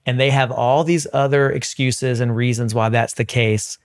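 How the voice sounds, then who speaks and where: A man's voice: medium pitch, steady tone, normal speed, no room sound, studio quality. A man hosting an interview, asking questions and affirming his guest in an encouraging way. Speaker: podcast host. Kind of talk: interview conversation.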